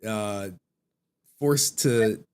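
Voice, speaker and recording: A man's voice: on the low side, extremely slow, darkish tone, clear, resonant tone. A man hosting a stream, chatting casually, teasing his guest and laughing often. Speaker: stream host. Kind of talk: casual chat.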